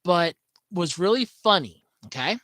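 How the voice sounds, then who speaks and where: A woman hosts a casual solo podcast and talks in a chatty, sarcastic way. Her pitch swings widely as she stresses her points. The sound is dry and close, with no room echo. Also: lively intonation, unhurried, a bit bright. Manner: chatty and sarcastic, with swooping emphasis. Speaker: podcast host.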